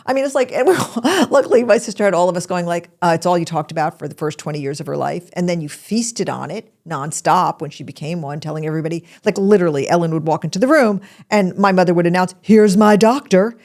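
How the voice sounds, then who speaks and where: A woman with a fairly low voice hosts a podcast and talks her listeners through stories from her own life. She confides in them openly and gets emotional, and she slips into playful voices when she quotes other people. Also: fast, few pauses, darkish tone. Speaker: podcast host. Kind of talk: personal storytelling monologue.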